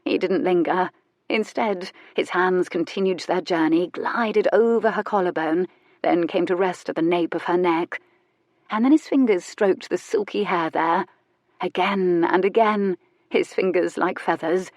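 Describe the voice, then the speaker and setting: A woman reading a romance audiobook in a soft, measured, intimate narration. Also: on the low side, no echo.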